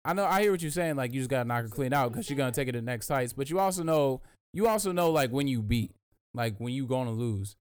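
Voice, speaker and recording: A man in a casual podcast discussion, talking fast with many restarts and profanity. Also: medium pitch, animated, smooth.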